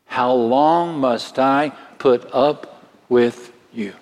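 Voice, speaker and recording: A man preaching a sermon, slow and dramatic, his voice swelling higher at the most stirring moments. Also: a little mellow, a little hiss or hum. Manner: slow, dramatic delivery with sudden swells in pitch. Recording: long hall reverb.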